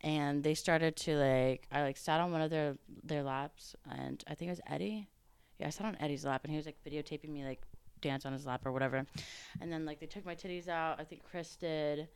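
A woman's voice: deep voice, brisk, clear, resonant tone, no echo. A woman in a casual talk chat, telling a story loosely with lots of "like" and acting out what others said. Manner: chatty, peppered with "like", acts out others' lines. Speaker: podcast guest recounting a story.

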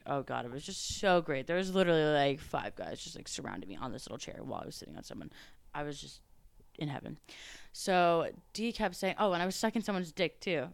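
A woman with a low, smooth and clear voice tells a story in an easy, rambling chat. She fills her sentences with "like" and slips into quick impressions of the people in the story. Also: dry recording. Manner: chatty, peppered with "like", acts out others' lines. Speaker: podcast guest recounting a story.

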